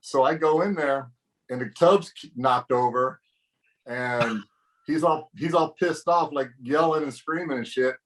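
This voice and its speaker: Ex wrestler guy spinning a story, swears a lot, mid pitch, easygoing. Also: measured pace, fairly bright tone. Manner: profane, laid-back, peppered with "man". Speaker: former pro wrestler, guest. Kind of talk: casual storytelling.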